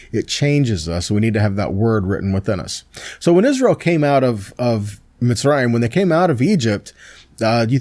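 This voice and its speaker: A male pastor reads Bible verses aloud and then unpacks them in a relaxed, conversational way, pausing to ask his listeners "right?" and "see that?". His voice sits at a middle pitch. The sound is dry and close, with no room echo. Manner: conversational, with fillers and restarts. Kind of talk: Messianic Torah teaching.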